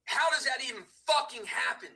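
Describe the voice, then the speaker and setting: A man co-hosting a live stream, yelling and taunting in a repetitive rant. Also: very high voice, lively intonation, brisk, vocal fry, distant mic.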